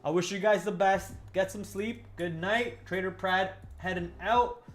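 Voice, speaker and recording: A man's voice: high-pitched, steady tone, unhurried. A man hosting a livestream, chatting casually with viewers in a hyped, playful way. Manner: hyped, playful, talking to chat. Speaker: livestream host.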